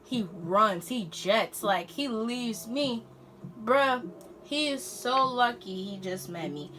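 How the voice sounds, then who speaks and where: A teenage girl vlogger telling a storytime in an animated, slangy way. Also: fairly high pitch, takes it slowly, a little hiss or hum. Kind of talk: storytime vlog.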